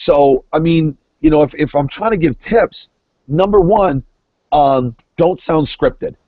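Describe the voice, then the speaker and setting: A man's voice: a little high, measured pace, no room sound. A middle-aged man, a former reality show contestant, chatting as a podcast guest over the phone in an emphatic way, often repeating words. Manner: emphatic, repeats words while building points. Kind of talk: casual podcast chat. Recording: tinny dry phone line.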